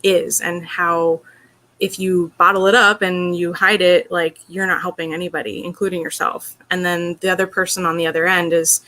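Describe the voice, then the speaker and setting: Her pitch is fairly low and level, her pace moderate, and her tone bright and forceful as she's interviewed. Sharing a personal story with open sincerity, she keeps saying "like" and "you know."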